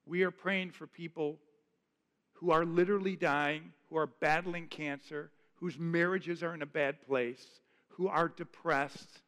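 Pastor, male, slightly high voice, earnest conversational sermon delivery, long reverb of a church hall. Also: fairly even intonation, a little slow, fairly bright tone. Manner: earnest, conversational preaching with repeated phrases.

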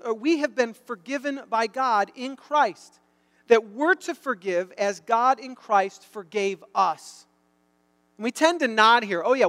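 A middle-aged man preaching a sermon, telling a story and building to loud, emphatic bursts. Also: extremely high pitch. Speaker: pastor. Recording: long hall reverb.

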